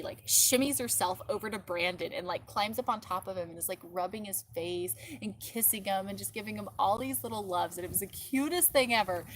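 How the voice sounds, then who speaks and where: A woman's voice: lowish voice, fairly bright tone, slight background noise. A woman hosting a casual live stream as a mother, chatting and rambling with lots of filler words, outdoors in her yard. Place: outdoors in a backyard.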